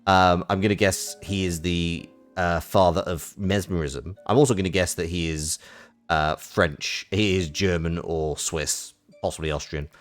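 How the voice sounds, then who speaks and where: A man's voice: deep voice, fairly even intonation, a little slow, soft background music. A man streaming a game, rambling in a self-mocking way as he comments on it.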